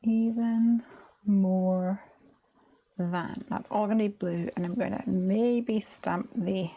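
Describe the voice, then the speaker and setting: A woman from the UK hosting a live crafting stream, talking casually and thinking aloud as she works, now and then trailing off into soft murmurs. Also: medium pitch, fairly even intonation, slow, breathy edge, lo-fi sound. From United Kingdom. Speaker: crafting livestream host.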